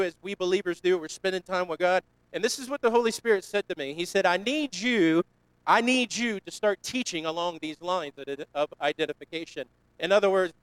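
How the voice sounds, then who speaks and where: Male preacher, high clear voice, call-and-response sermon delivery, dry close sound. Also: no echo. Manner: call-and-response preaching, stretching key words.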